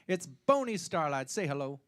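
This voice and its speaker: A man hosting a live showroom music show, joking with the crowd in comic patter and swooping up in pitch on punchlines. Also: very animated, normal speed. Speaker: show host and singer.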